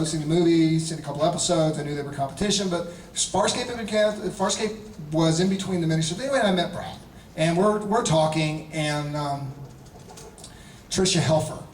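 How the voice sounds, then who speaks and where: A man in his fifties, a guest actor telling a casual anecdote to a convention audience, animated and chuckling, often restarting his sentences. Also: fairly high pitch, a little hiss or hum. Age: 50s. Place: large convention hall panel. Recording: echoey hall audio from a distance.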